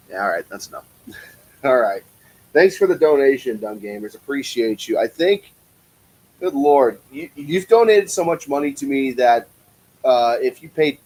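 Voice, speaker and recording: Male streamer from the Cincinnati area, mid-pitched, swears freely, and calls plays in a loose, chatty way. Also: a little mellow, husky, rough recording. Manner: profane, chatty, reads viewer comments aloud. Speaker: live-stream play-by-play commentator. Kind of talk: casual live-stream commentary.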